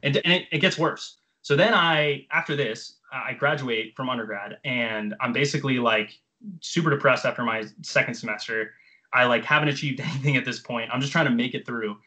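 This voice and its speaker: A man's voice: mid-range voice, fairly quick, pushed and bright, rough recording. A man in his twenties, a coach, telling his story in casual, profane, filler-heavy chat. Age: 20s. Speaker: jump training coach.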